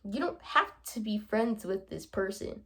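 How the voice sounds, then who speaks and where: Young woman, gravelly voice, casual vlog chat, playful, acts out both sides. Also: medium pitch, big pitch swings, a little slow, a bit bright. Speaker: vlogger. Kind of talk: casual chatty vlog monologue.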